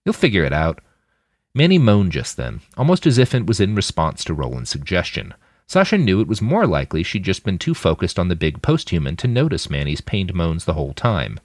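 A man narrating a thriller audiobook in an expressive, dramatic manner. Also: low-pitched, a little fast, dry recording, clean studio sound. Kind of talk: scripted narration.

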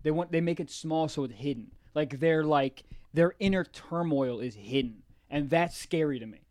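A man co-hosting a podcast, in crude comedic banter, loud and excitable, laughing and swearing often. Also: on the high side, normal speed, no echo, clean studio sound. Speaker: podcast co-host.

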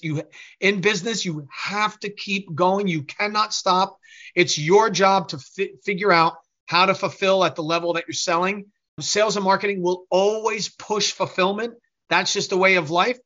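A man's voice: high voice, dull audio. A man who is a business owner, talking as a guest in an interview and telling a story while acting out the voices of the people in it. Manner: animated, acts out quoted voices.

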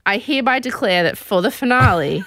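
A woman hosting a casual podcast, telling a story in an animated, chatty way. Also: mid-range voice, a little fast. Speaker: podcast host. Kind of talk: casual chat recapping a show.

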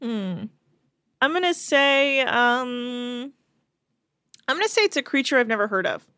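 A woman hosting a podcast, recapping a show in a chatty, rapid storytelling way with plenty of fillers, close to the mic. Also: a little high, big pitch swings, bright, forceful tone, clear, resonant tone, no echo. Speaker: podcast host.

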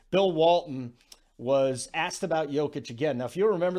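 Casual male sports betting host, slightly high voice, conversational. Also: darkish tone. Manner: conversational, self-deprecating, quick asides.

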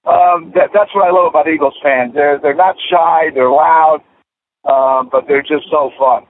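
A former football player in his fifties tells animated stories, stumbling and restarting as he goes. His voice sits fairly high with a gravelly edge. The audio is thin and tinny, like a radio phone line. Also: unhurried, a little hiss or hum. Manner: animated, many restarts and fillers. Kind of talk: casual radio interview storytelling.

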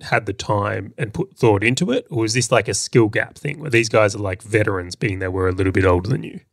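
A man co-hosting a podcast, calmly asking measured questions in a casual conversation. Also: fairly low pitch, gravelly, no echo, studio quality. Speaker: podcast co-host.

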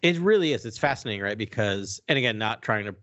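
A man co-hosting a casual podcast chat, animated and self-deprecating with quick laughs. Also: fairly low pitch. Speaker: podcast co-host.

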